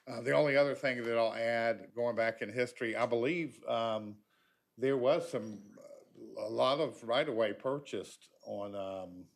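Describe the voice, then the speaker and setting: A man's voice: medium pitch, a little slow, gravelly. A man giving a folksy, chatty public comment at a county meeting, with frequent ums.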